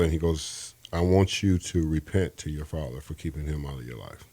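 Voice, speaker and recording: A man's voice: extremely low pitch, fairly even intonation, moderate pace, warm tone. A man as an interview guest, telling an earnest, rambling faith testimony and often restarting his sentences.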